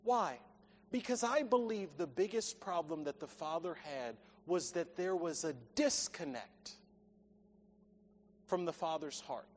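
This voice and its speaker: A man's voice: on the high side, lively intonation, measured pace, a little hiss or hum. A man preaching a sermon in an earnest, emphatic way, quoting scripture. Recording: long echoey hall reverb.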